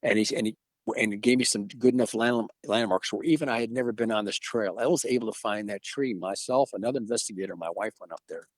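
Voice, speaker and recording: A man's voice: lowish voice, fast talker, no room sound. A middle-aged man from Georgia, telling a story on a video call and acting out the voices in it with many restarts. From Georgia, USA. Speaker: interview guest, museum owner. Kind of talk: storytelling in a casual interview.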